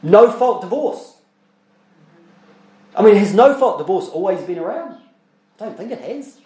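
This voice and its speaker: A man's voice: high-pitched, expressive, a little slow, mellow, reverberant, low-quality recording. A man preaching a sermon as pastor, talking conversationally with rhetorical questions and repeated words, and reading scripture aloud in old-style English. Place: church.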